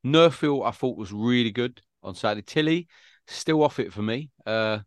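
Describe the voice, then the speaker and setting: A man's voice: medium pitch, normal speed, no echo. A man co-hosting a football fan podcast, chatting casually and rambling through anecdotes. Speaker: podcast co-host.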